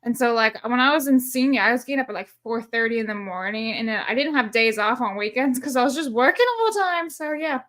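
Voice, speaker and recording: A woman guest on a casual stream chat, animated and given to exclaiming. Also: on the high side, quick pace, few pauses.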